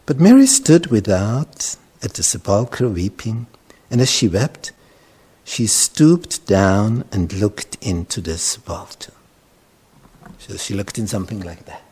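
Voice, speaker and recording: A man's voice: lowish voice, expressive, slow pace, dark tone, husky. A male pastor preaching a sermon, retelling scripture dramatically and dropping into whispers. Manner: dramatic storytelling, sudden drops to whispers; repeats words and restarts.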